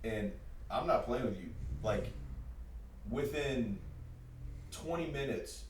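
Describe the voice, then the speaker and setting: Man, podcast host, casual animated talk, lots of "like", echoey room, mic a bit far. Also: mid-range voice, slow pace, a little hiss or hum. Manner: animated, repeats words, many "like"s. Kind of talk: casual chat. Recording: roomy sound from a distance.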